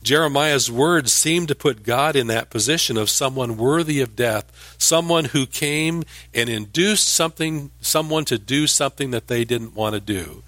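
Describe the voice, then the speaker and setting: A man's voice: mid-range voice, normal speed, hardly any pauses, fairly bright tone, no echo. A man teaching scripture verse by verse. He explains as he goes, restarting some words and lifting his voice for emphasis. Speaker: Bible teacher.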